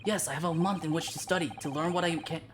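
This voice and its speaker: A woman's voice: deep voice, fairly even intonation, quick pace, background noise, voice pushed up, natural voice. A woman doing an earnest, determined young man. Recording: voice over loud game music.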